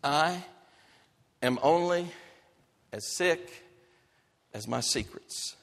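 High-voiced male pastor preaching in a hall. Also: expressive, extremely slow, creaky. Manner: dynamic preaching, shifting from loud emphatic to soft and hushed. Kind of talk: sermon.

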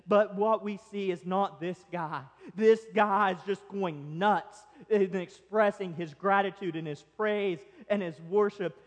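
Animated high-voiced preacher man. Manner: animated, swings between loud and soft. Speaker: pastor. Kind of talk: sermon. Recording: long hall reverb.

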